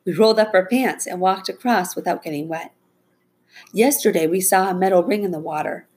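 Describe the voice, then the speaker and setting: An eager young boy who brags and explains with confidence, voiced by a woman in a raised, husky tone. He speaks in quick, proud bursts in this storybook reading. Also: on the low side, a little mellow, pitched above the performer's own voice. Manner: eager, boastful.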